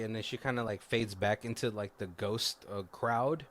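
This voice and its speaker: A man's voice: lowish voice, normal speed, a bit bright, slight background noise. A man casually recapping a movie plot on a podcast, rambling with lots of fillers and self-corrections. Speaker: podcast co-host.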